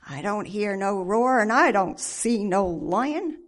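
A dim-witted man wakes just long enough to scoff, his voice lower than hers and loud, as a woman preacher puts him on. He brushes the warning off in slangy, careless words. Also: expressive, slow. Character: dim, dismissive male sleeper.

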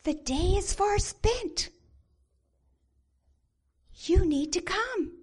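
An earnest pilgrim calls out to sleeping men, high-pitched and pleading, as a woman preacher acts him out. The voice is raised well above her usual speaking voice and is delivered unhurriedly. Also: animated, extremely slow, heavily acted. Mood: urgent. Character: earnest male pilgrim urging sleepers onward.

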